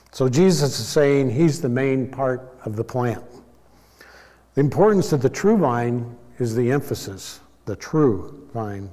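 Male preacher, mid-pitched, teaching in a calm, explanatory way; reverberant hall. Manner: measured, explanatory, with small self-corrections. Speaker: Bible teacher. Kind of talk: sermon.

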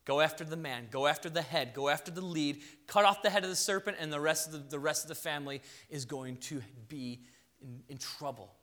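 Guy preaching a sermon, high bright voice, jumps all over the place, lots of questions thrown at the crowd. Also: fairly quick. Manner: animated, conversational preaching with rhetorical questions. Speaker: pastor.

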